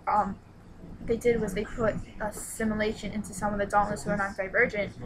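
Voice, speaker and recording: A young woman excitedly retelling a book's plot in a casual review vlog, with lots of "like" and sudden squealed exclamations. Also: mid-range voice, brisk, background noise. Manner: excitable and gushing, exclaims "What? What?"; retells the plot with many "like"s and restarts. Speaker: book reviewer.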